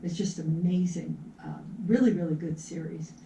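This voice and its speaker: A woman's voice: deep voice, steady tone, moderate pace, gravelly, dark tone. A woman co-hosting a casual movie talk show, chatty and easily laughing, often trailing off mid-sentence. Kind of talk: casual chat about movies. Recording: echoey room, far from the mic, faint background noise.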